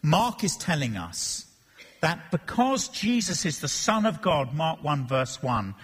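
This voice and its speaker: Husky high-voiced preacher in reverberant hall. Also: male voice, slow pace. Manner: animated, acts out Bible voices and jokes. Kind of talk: expository sermon. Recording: long reverb of a church hall.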